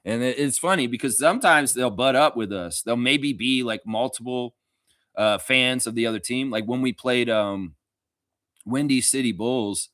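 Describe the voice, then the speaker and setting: Man, fan show host, loose profane chat, tense bright tone, medium pitch. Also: normal speed, no echo, studio quality. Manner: animated, profane, talks to chat viewers. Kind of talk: casual livestream chat.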